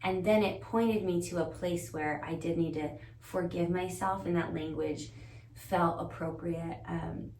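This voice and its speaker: A woman's voice: on the low side, fairly even intonation, a little slow, darkish tone. A woman as a podcast guest, telling her story in an earnest, searching way and thinking aloud. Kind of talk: reflective conversational storytelling. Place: indoor room shared with the host. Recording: roomy echo, distant mic, faint noise.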